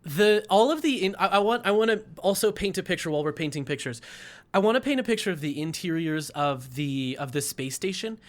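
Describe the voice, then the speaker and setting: A young man co-hosting a podcast, talking in a fairly high voice with a lot of rise and fall. He rambles, laughs often and trips over his own sentences in a loose, casual chat. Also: lively intonation, fairly quick. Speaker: podcast co-host.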